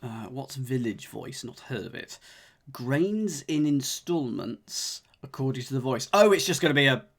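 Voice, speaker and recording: A man streaming a crossword solve, talking casually with his viewers. He thinks out loud and jokes along the way, with a middle-pitched, everyday voice. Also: very animated, a little slow, vocal fry. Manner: chatty, jokey, thinks aloud, talks to chat. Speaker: streamer solving cryptic crosswords with live chat. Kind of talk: casual live-stream chat.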